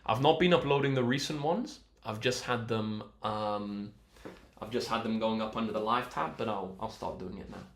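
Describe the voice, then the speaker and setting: A man's voice: on the low side, normal speed, fairly bright tone, a little hiss or hum. Upbeat young man in a roomy echo. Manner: upbeat and encouraging, reads out chat messages. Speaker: maths tutor hosting a live stream. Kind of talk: casual live-stream chat with viewers.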